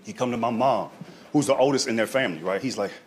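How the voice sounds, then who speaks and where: A man's voice: mid-range voice, fast talker. A man telling a stand-up story in a conversational way, often checking in with the audience. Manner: conversational, keeps asking "right?". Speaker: comedian. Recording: live room with audience crowd. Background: audience laughter.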